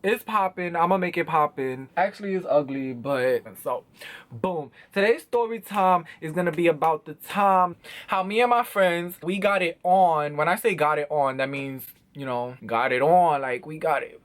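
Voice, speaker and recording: A young man telling an animated, slang-filled story for his vlog. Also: fairly high pitch, normal speed. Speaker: vlogger.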